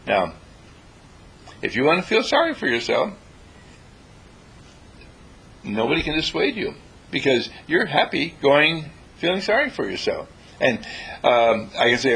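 Husky animated man giving a motivational talk. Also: a little high, normal speed, low-quality recording. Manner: animated, acts out little dialogues in changing voices. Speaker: inspirational speaker.

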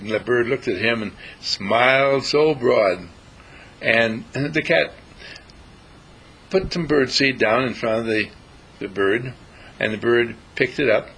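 A man gently telling a story and reciting a poem, in a halting way with restarts. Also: medium pitch, breathy edge, low-quality recording.

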